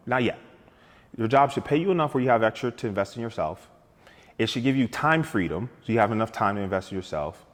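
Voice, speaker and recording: A man's voice: medium pitch, big-room sound. A man talking as a guest sales coach on a talk show, telling stories with energy and acting out both sides of sales conversations. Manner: energetic, storytelling, acts out sales dialogues.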